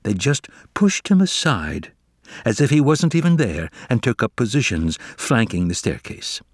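A man reading a children's novel aloud as narrator, with expressive, dramatic storytelling. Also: medium pitch, moderate pace, no room sound, clean studio sound.

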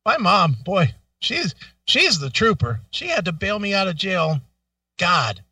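A middle-aged man co-hosting a radio talk show, telling a profane story in a casual, animated way and acting out the quotes. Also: sits high, measured pace, no echo, distant mic.

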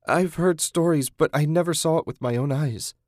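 A man's voice: fairly high pitch, normal speed, darkish tone, no room sound, clean studio sound, voice pushed up, lightly acted. A man voicing a frightened young woman on the run, anxious and pleading.

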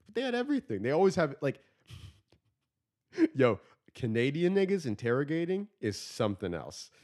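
A man's voice: a little high, normal speed. Slangy, laughing man chatting casually. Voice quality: slangy and profane, laughs often, animated when telling stories. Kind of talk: casual chat. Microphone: studio microphone.

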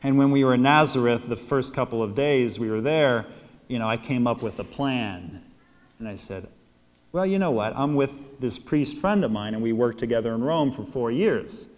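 A man with an American accent, a priest giving a homily, an animated storyteller who acts out quotes and laughs often. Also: medium pitch, normal speed, big-room sound. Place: church.

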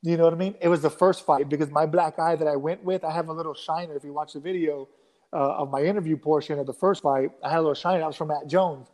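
A man in his thirties telling a rambling, animated story in a casual interview, acting out quotes with many restarts. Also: fairly high pitch, fast talker. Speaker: guest fighter.

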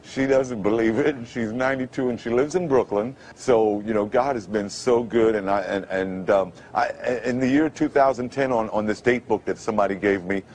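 A man answering questions in a TV interview, emotional and halting, with many stammered restarts. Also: lowish voice, a little mellow. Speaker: interview guest.

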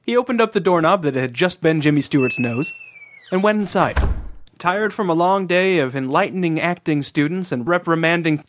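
Male comedy narrator, cozy storybook delivery, slightly high voice. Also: a bit bright. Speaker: narrator and co-host.

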